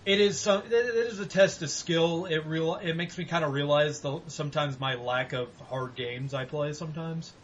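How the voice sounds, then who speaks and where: Guy cohosting a gaming podcast, animated, cusses a lot, faint hum behind. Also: a little high, normal speed, few pauses, muffled recording. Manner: animated, swearing, mock-yelling at games. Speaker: podcast co-host. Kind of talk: casual gaming chat.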